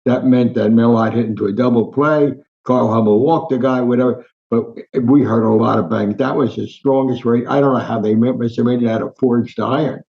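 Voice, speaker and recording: A man's voice: medium pitch, a little fast, creaky, few pauses, dull audio. A man, telling family stories as an interview guest and acting out the voices. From Newark, New Jersey. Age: 90s. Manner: animated anecdotal storyteller, acts out voices. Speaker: guest, sports columnist. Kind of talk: storytelling in an interview.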